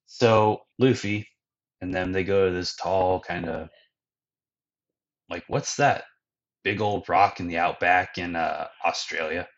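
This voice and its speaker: A man's voice: sits low, steady tone, slow, pauses often. A man hosting a podcast, retelling an anime's episodes in casual, rambling chat full of fillers. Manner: rambling, filler-heavy storytelling. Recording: dull lo-fi podcast audio.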